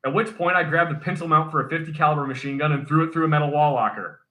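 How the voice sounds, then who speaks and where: A male streamer and military veteran telling profane, animated stories in casual chat. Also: fairly high pitch, racing, few pauses. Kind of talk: casual storytelling on a drunkstream.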